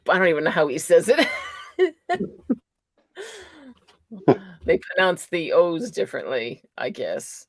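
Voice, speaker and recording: Slow, lively woman host. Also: lowish voice, dry recording, studio quality. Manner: relaxed, laughing, agreeable. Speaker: livestream host. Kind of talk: casual chat.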